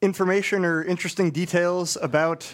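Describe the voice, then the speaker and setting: Cohost guy, high voice, short polite questions, faint hiss. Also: fairly even intonation, fairly quick. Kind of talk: casual radio interview.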